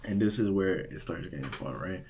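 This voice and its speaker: A young man working as a resident assistant tells a storytime vlog in a casual, animated way, full of "like" and "right?". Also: deep voice, moderate pace. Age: young adult. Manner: animated retelling, heavy use of "like" and "right?".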